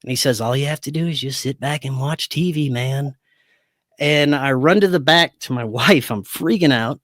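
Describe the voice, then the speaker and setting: A man guest on a podcast, recounting a personal experience in a casual, animated way and acting out the dialogue. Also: medium pitch, normal speed, dry recording, clean studio sound. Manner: animated, acts out quoted dialogue. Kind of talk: casual storytelling.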